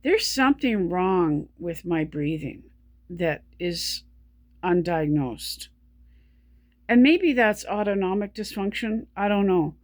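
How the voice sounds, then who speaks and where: Breathless woman, halting weary speech. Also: on the low side, expressive, no echo, studio quality. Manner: halting, stumbling, many restarts. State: short of breath while talking. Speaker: vlogger. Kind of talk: personal video diary.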